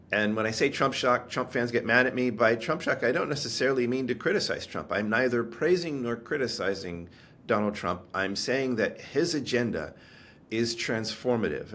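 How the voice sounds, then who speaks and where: A man's voice: mid-range voice, a bit bright. A man answering interview questions as a market analyst, candid and emphatic, thinking aloud in long explanatory runs. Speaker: commodities analyst guest.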